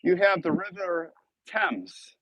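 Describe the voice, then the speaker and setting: A man's voice: on the high side, expressive, moderate pace, fairly bright tone, highs cut off. A man with a Chicago accent, chatting casually and rambling with viewers on a live stream. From Chicago, United States. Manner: rambling and chatty, thanks donors. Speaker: YouTube host on a live stream.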